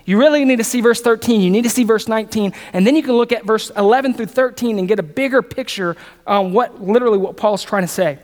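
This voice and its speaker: A man's voice: high-pitched, quick pace, a little mellow. Man preaching in an echoing hall. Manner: repeats phrases, builds emphasis, asks the audience questions. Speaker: pastor. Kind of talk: sermon. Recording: long reverb of a large hall.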